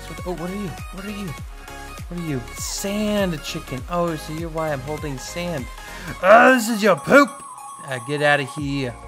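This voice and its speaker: A young man giving casual, goofy let's-play commentary, chatting excitedly with his viewers. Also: fairly high pitch, moderate pace, faint music behind. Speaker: gaming YouTuber.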